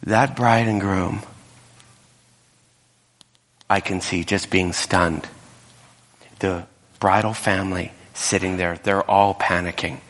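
A man preaching a sermon, retelling a scripture story with animated storytelling. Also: low-pitched, slow pace, pauses often. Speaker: pastor. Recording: reverberant hall.

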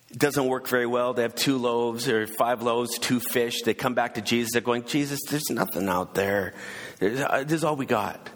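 A man's voice: mid-range voice, a bit bright. A man preaching, casually retelling a story with hesitations and asides. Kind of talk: conversational sermon storytelling. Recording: long hall reverb.

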